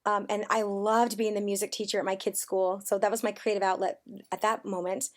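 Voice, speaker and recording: A woman's voice: medium pitch, a little fast, few pauses. Chatty woman guest in her forties. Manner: chatty, animated storyteller. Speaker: podcast guest. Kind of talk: casual conversational interview. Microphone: remote call.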